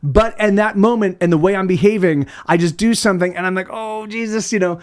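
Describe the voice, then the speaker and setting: A man's voice: sits high, fast talker. A man chatting casually on his livestream as a musician, rambling and swearing with many restarts. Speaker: musician streamer.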